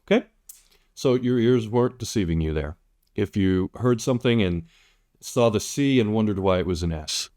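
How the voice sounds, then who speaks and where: A man's voice: lowish voice, expressive, normal speed, a little mellow. A man teaching English pronunciation, saying practice sentences word by word with heavy emphasis and explaining between them with many fillers. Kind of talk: slow, deliberate pronunciation lesson.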